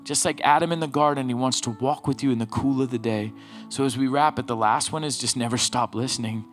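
A middle-aged man gives a sermon at an ordinary mid pitch. He speaks loosely and conversationally, leaning on personal stories and then lifting into emphatic, urgent exhortation. Faint instrumental music plays quietly in the background. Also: a little fast. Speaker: pastor.

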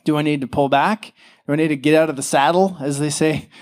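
A man's voice: on the high side, fairly even intonation, fast. Chatty man preaching a casual sermon. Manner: casual, chatty preaching with many fillers and acted-out quotes. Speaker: pastor.

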